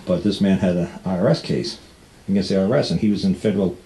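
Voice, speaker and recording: A man's voice: sits low, quick pace, mellow, a little hiss or hum. A man hosting a talk show, telling rambling anecdotes and acting out what other people said, often laughing. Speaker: radio show host. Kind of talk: casual storytelling.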